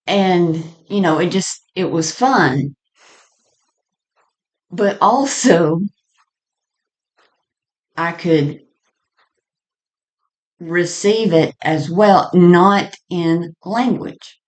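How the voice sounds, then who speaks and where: Woman vlogger, low-pitched and slow, casual meandering storyteller who laughs easily. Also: rough recording. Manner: chatty and meandering, laughing between lines.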